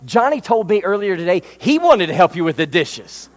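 A man's voice: sits high, sing-song, normal speed. A man voicing a sly little girl in a sermon story who cheerfully tattles on her brother.

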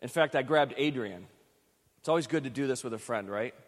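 Storytelling pastor in a reverberant hall. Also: male voice, medium pitch, a little fast. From Western New York. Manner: chatty, self-deprecating, restarts often. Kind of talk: sermon storytelling.

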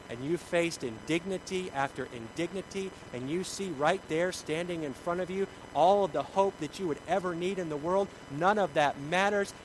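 A man preaching a sermon, shifting from shouts to hushed tones. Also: fairly high pitch, slight background noise, rough recording.

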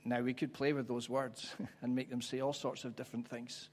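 A man preaching a sermon, reflective and conversational, pausing for emphasis. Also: medium pitch, flat delivery. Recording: church hall with long reverb.

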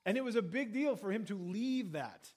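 A man preaching a sermon, reading scripture and then explaining it in a casual, conversational way, acting out quoted lines. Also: moderate pace. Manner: conversational, acts out quoted lines with lively pitch jumps. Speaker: pastor. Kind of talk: sermon, Bible reading and teaching.

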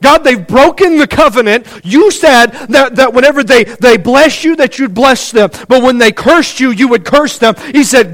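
Preacher guy, real high voice, earnest, keeps repeating words as he builds up. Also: lively intonation, normal speed, hardly any pauses, fairly bright tone. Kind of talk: sermon.

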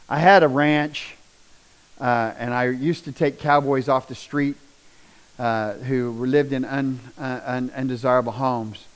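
A middle-aged man, telling a personal testimony in a folksy, animated storytelling way. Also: medium pitch, poor audio. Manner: animated, down-home storyteller with rising bursts of emphasis. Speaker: speaker sharing a personal testimony.

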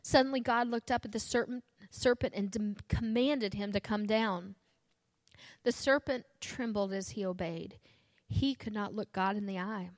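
Woman reading a story out loud, earnest and steady, mid pitch, dry sound. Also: moderate pace, dry recording. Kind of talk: first-person storybook narration.

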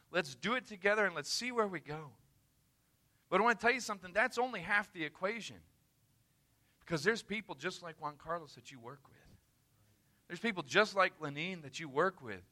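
Male missionary preacher, emphatic storyteller, sharp, ringing tone. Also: sits high. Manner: earnest, emphatic, conversational. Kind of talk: sermon storytelling.

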